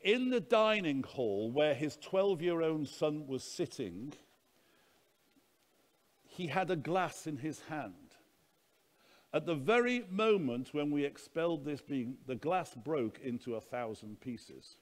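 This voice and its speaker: A man's voice: a little high, lively intonation, slow pace. A man preaching at a conference, telling stories in an earnest, anecdotal teaching manner. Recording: long hall reverb.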